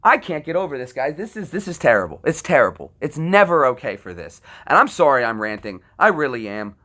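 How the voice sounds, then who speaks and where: Fired-up male veteran on a livestream, sharp tense tone, profane, circles back and restarts. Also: mid-range voice, very animated, brisk. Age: adult military veteran. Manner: impassioned, profane, rambling with restarts. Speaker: livestream host. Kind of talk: ranting livestream monologue.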